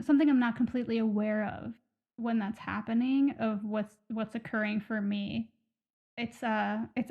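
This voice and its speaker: A woman's voice: fairly high pitch, dull audio. A woman co-hosting a podcast who speaks hesitantly and keeps searching for her words in a casual conversation. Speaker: podcast co-host.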